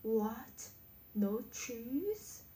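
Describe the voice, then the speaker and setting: Woman shouting as a frantic little man. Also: fairly high pitch, sing-song, drawn-out words, recorded from a distance, slight background noise, full character voice. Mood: outraged yelling. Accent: Korean. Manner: yelling in outrage. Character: small frantic man shouting over lost cheese.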